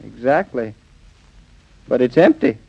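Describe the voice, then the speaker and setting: An actor playing a cheerful young architect husband with a breezy, jovial manner, in an old radio drama. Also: male voice, medium pitch, lively intonation, a little slow, gravelly, darkish tone, breathy edge, exaggerated voice. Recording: dull lo-fi old radio recording.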